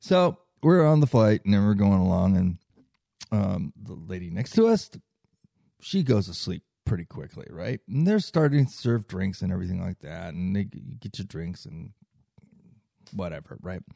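A man's voice: sits low, very animated, normal speed, vocal fry, dark tone, no echo. A man telling a long personal travel story in casual chat, rambling with many fillers and tag questions. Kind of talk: casual anecdote.

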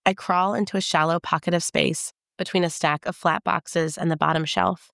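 A woman giving a measured, intimate first-person audiobook narration. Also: on the low side, fairly even intonation, vocal fry, a bit bright, no echo, studio quality.

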